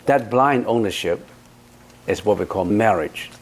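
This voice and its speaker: A man's voice: lowish voice, a little slow, slightly rough. A man teaching as a Buddhist monk in a dharma talk. He is blunt and emphatic, and he keeps putting rhetorical questions to the listener.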